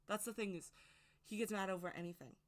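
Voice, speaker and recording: Talking quickly in a medium-pitched voice, a witchcraft video creator addresses her viewers directly with an emphatic, loosely rambling monologue of her opinions.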